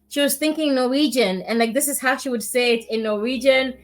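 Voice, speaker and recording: A woman hosting a podcast conversation, telling stories in a lively way and acting out what people said. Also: high voice, a little fast. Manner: animated storyteller who acts out quoted lines. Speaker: podcast host.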